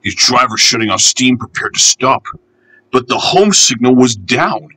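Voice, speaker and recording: A man's voice: moderate pace, no echo, poor audio. A man narrating a children's storybook about engines, giving each character its own voice. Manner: lively, voices each engine with higher pitch.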